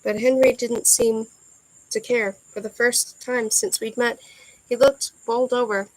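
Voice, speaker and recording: A woman reads a first-person novel aloud in a soft, earnest storytelling manner. Her voice sits a little high. The recording is dry and close, with no room echo. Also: flat delivery, unhurried. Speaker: audiobook reader.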